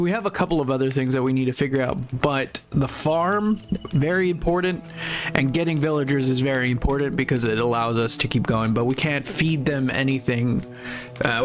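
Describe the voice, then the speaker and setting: A tired young man hosting a game stream, rambling casually and swearing now and then while he sorts out the settings. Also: on the high side. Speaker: gaming streamer. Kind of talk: casual gameplay stream talk.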